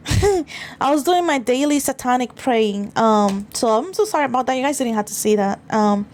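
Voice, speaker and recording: A woman's voice: fairly high pitch, lively intonation, moderate pace, darkish tone, a little hiss or hum. A young woman streamer chatting casually and ranting in frustration, swearing and stammering through restarts at a desk mic. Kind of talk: casual livestream chat.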